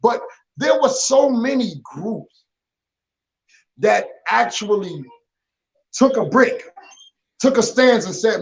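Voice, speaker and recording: A man's voice: very high voice, animated, takes it slowly, gravelly, pauses often, poor audio. A man, a rapper and producer, talking as a guest in a casual interview, emphatic, using street slang and stacking repeated words when he gets going.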